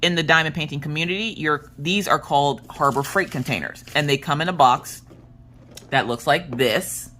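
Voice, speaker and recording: A woman in her thirties, a crafting vlogger, telling stories in a chatty, animated way with joking asides. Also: deep voice, moderate pace, slight background noise. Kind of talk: casual storytelling chat.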